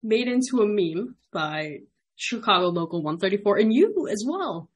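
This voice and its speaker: A woman's voice: medium pitch, very animated, normal speed, husky. A young woman hosting a podcast, chatting in a bubbly, rambling way and laughing often. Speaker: podcast host. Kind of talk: casual interview chat.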